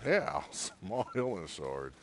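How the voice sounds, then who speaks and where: A man livestreaming a console game at home, chatting excitably and giggling as he coaxes and scolds the creatures on screen. His pitch swings widely between low mutters and high yelps. There is a faint hiss behind his voice. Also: takes it slowly. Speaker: streamer. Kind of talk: casual gameplay commentary.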